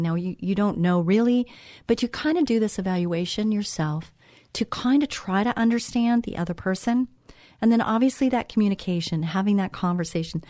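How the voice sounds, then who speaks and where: Her mid-range voice carries a darkish tone, captured cleanly in the studio without any echo. She's a Christian talk show host giving a devotional monologue, chatty and encouraging, leaning on repeated phrases for emphasis.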